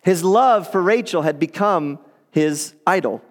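Male pastor, high-pitched, casual animated sermon delivery, in a reverberant church hall. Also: a little slow. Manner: conversational, animated storytelling with acted quotes.

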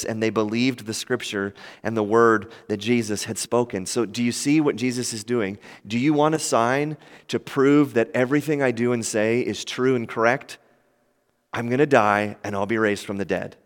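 Conversational preacher in a reverberant hall. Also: male voice, moderate pace. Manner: conversational, acts out quoted voices with lively pitch swings. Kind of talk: sermon.

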